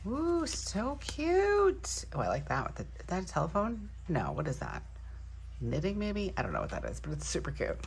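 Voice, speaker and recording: Female vlogger, low voice with lively swoops, gushy and excitable, casual unboxing chat at home. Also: fast talker, creaky, breathy edge. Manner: excitable, gushing, thinks aloud. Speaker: planner vlogger. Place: home room.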